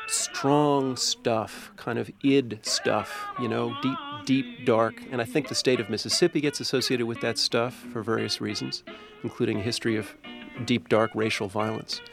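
A man's voice: mid-range voice, vocal fry. A man, a university professor, answering interview questions in a thoughtful, discursive way.

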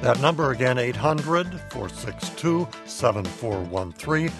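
A man co-hosting a radio health show, announcing segments and reading recipe lines back in a steady way. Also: mid-range voice, a little slow, over music. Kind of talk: scripted radio announcing and casual chat.

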